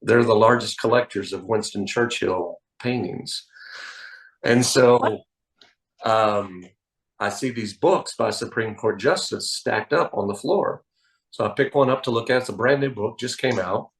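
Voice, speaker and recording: A man being interviewed as a magician, telling anecdotes in an animated, storytelling way. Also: fairly low pitch, unhurried, poor audio. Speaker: magician guest.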